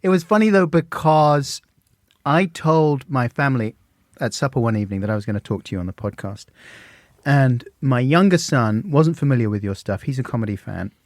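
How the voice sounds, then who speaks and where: Podcast host, chatty and keen, mid voice, dry close sound. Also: male voice, medium pitch, brisk, dry recording. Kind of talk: casual conversation.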